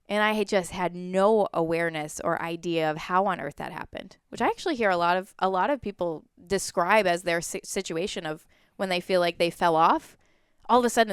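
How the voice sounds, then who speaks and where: A woman's voice: on the low side, moderate pace, clear, resonant tone, dry recording, clean studio sound. A woman in her twenties, a podcast guest, candidly telling a personal story in conversation. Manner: candid, animated, often acts out quoted voices.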